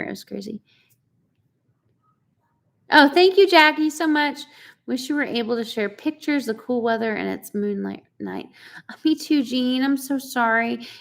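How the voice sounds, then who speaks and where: Brief: bubbly woman co-hosting a live chat, slightly high voice. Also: vocal fry. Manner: chatty and bubbly, greets viewers by name, laughs often. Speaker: co-host of a live chat stream. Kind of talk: casual live-stream chat reading viewer comments.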